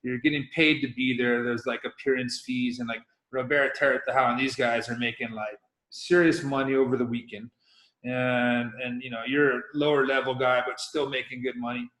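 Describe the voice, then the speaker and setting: A man's voice: medium pitch, level tone, normal speed, a bit bright, reverberant, poor audio. A middle-aged man from Hawaii, a professional windsurfer talking as a guest in a casual, rambling interview. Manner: rambling, loose, with many restarts.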